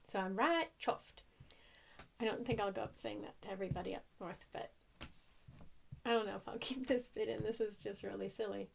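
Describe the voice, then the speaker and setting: A young American woman talks casually about her crochet projects. She rambles and wanders between thoughts, poking gentle fun at herself along the way. Her voice sits at an ordinary middle pitch. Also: fairly even intonation, fast talker, vocal fry, noisy background. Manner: chatty, rambling, self-deprecating. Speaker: crochet podcaster. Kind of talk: casual chat.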